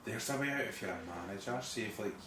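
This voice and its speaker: A man's voice: on the low side, expressive, quick pace, far from the mic. A man chatting on a podcast, dropping in short, dry remarks. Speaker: podcast co-host. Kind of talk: casual chat. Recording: roomy, off-mic, faint noise.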